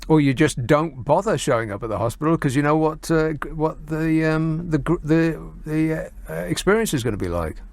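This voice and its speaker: A man's voice: fairly high pitch, no room sound. A man hosting a radio phone-in, talking sarcastically and chattily, with frequent fillers and mocking asides. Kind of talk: talk radio monologue. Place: radio studio.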